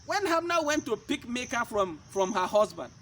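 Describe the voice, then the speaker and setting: A man's voice: extremely high pitch, big pitch swings, moderate pace, a bit bright, slight background noise. A man preaching a sermon-style teaching. He fires rhetorical questions at his listeners and hammers his points by repeating them. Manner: emphatic, repeats key points.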